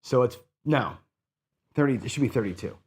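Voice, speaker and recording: A husky, darkish male voice of medium pitch speaks expressively at a moderate pace. He's hosting a casino craps video, working out bets aloud, correcting himself, and chatting casually with viewers as he comments on the gambling.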